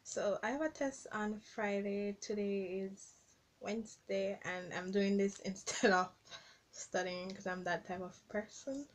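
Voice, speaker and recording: A woman's voice: medium pitch, fairly even intonation, a little slow. A young woman from the Caribbean with a Caribbean English accent, chatting casually in a vlog recorded on her phone and reading out word lists. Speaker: vlogger.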